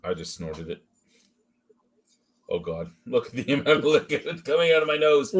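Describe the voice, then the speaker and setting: A man's voice: medium pitch, very animated, moderate pace, very noisy. A man hosting a casual beer review, talking through smells and flavors with frequent swearing and jokes. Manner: profane, joking, chatty running commentary.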